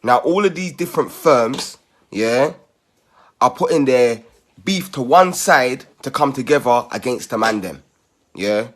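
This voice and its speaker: A man's voice: mid-range voice, animated, unhurried, a bit bright. Rallying man. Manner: rallying, persuasive, repeats "yeah?" as a tag. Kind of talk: community appeal video.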